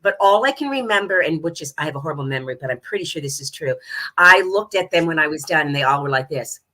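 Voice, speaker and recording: A woman's voice: sits low, animated, fast, pushed and bright. A woman, an actress guest on a video call, chatting in a rambling way with many fillers. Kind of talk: casual chat.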